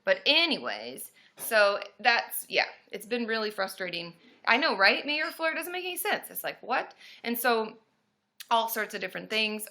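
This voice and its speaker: A woman therapist hosting a casual live stream from a room at home, greeting viewers by name and breaking into loud cheers. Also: fairly high pitch, big pitch swings, normal speed.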